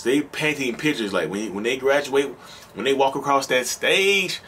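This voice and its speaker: Husky-voiced man with a Southern drawl. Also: medium pitch, expressive, normal speed, a bit bright. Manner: repetitive, emphatic, restarts sentences, acts out quoted lines. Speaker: podcast host. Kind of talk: casual solo podcast monologue.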